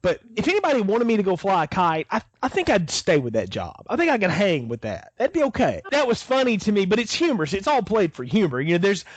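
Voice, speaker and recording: A man with a high, very lively voice co-hosts a casual podcast, chuckling as he goes. The recording is dry and close, with almost no room sound. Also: quick pace, few pauses, no echo, lo-fi sound. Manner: animated, chuckles while talking. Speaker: podcast co-host.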